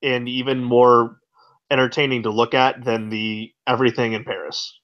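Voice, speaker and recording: A man co-hosting a casual comic book podcast, talking in an animated, questioning way. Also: normal speed, muffled recording. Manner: animated, questioning, jumps pitch when excited. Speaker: podcast co-host.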